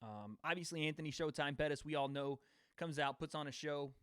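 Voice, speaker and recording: A man's voice: on the high side, a little fast, fairly bright tone, clear, resonant tone, no echo, clean studio sound. A young man hosting a casual livestream, laughing and bantering with chat before giving fight predictions. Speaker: livestream host.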